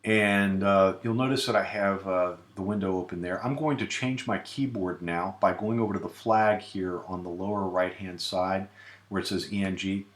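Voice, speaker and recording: A man giving a relaxed screen-recorded software tutorial, with many filler sounds. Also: low-pitched, moderate pace, reverberant. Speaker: tutorial presenter.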